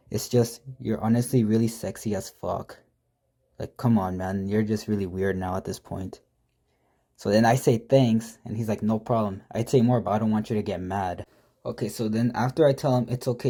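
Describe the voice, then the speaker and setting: A man's voice: fairly low pitch, mellow. A man casually telling a prank story, reading out text messages with profane, mocking, exasperated commentary.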